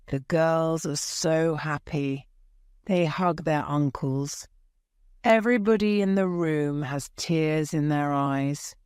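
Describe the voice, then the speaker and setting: Woman reading a storybook really slow and careful, lowish voice, dry close sound. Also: darkish tone, smooth, no room sound. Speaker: audiobook narrator. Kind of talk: slow scripted storybook narration for learners.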